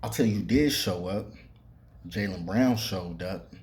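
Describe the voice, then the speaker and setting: A man's voice: low-pitched, unhurried, a little mellow, slight background noise. Profane, rambling male sports podcaster. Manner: loose, profane, heavy fillers, talks straight to players. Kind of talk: casual sports commentary monologue.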